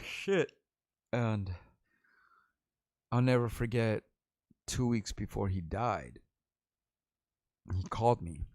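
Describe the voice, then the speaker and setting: Gravelly rambling man in his forties. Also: lowish voice, a little mellow, dry recording, clean studio sound. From Los Angeles. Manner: rambling, profane and candid. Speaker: rapper and vlog host. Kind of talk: casual vlog monologue.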